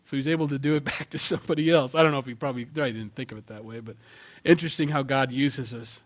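A middle-aged male pastor preaching a sermon with emphatic bursts and quiet asides. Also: medium pitch, fairly even intonation, fast. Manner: emphatic, swings from loud to hushed.

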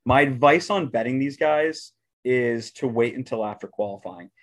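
Man, podcast co-host, relaxed, casual chat, betting tips. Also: medium pitch, normal speed.

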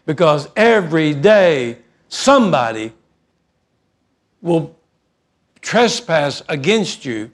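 A middle-aged man, preaching a sermon in a folksy, animated storytelling manner, alternating quick asides with slow emphasis. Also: on the high side. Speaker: pastor.

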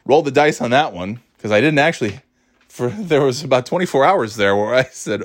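A man's voice: mid-range voice, sing-song, fast. A man in his thirties telling a story in a casual podcast chat, rambling with restarts, swearing and laughing at his own jokes. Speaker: podcast host.

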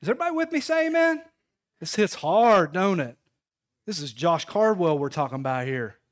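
A man, preaching a folksy sermon in church with call-and-response to the congregation. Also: fairly high pitch. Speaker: pastor. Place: church sanctuary.

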